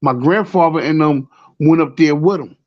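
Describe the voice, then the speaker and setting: A man's voice: on the high side, normal speed, lo-fi sound. A man with a New York accent telling a rambling story in casual talk, often repeating "you know what I'm saying.". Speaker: show host.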